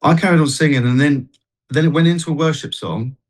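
A man's voice: a little high, fairly quick, rough recording. A man, a guest on a TV chat show, telling a personal faith story in an earnest, rambling way with many restarts. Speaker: guest, street worship singer.

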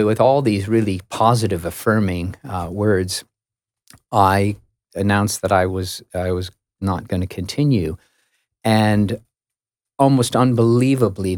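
Middle-aged American man, lowish dry voice, chatty self-mocking guest storyteller. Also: no room sound. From United States. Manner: lively, self-mocking, stammering restarts. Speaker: interview guest. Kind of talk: casual storytelling in a radio interview.

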